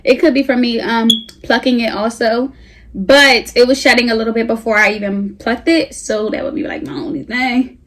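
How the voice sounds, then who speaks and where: A young beauty vlogger reviews a wig at home in a casual vlog, chatty, slangy, hyped, and animated, sounding a little out of breath. Her voice is a little high and moves at a moderate pace.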